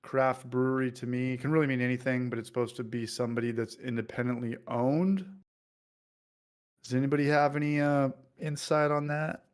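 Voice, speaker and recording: A man's voice: medium pitch, completely flat delivery, fairly quick, smooth. A man casually hosting a livestream, joking loosely and reading out viewer comments. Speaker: livestream host.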